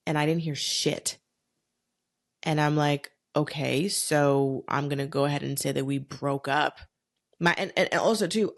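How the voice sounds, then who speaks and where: Young woman podcaster, low voice, swears a lot, just talking it out. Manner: frank and profane, animated storytelling. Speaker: podcast host. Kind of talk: candid solo podcast storytelling.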